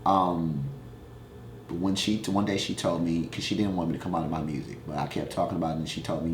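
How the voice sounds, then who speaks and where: Young male musician, low voice, frank and swearing, loose animated storytelling; echoey room. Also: fairly quick. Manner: candid, profane, animated storytelling. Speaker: musician answering fan questions. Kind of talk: casual storytelling vlog. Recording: echoey room, faint noise.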